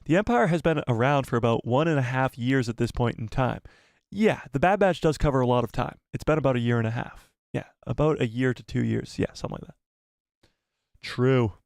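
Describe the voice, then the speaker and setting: Male live streamer, mid-pitched, eager and rambling, dry close mic. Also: animated, a little fast, creaky, a little mellow, no echo. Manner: enthusiastic, rambling, thinks aloud. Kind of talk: casual live stream chat.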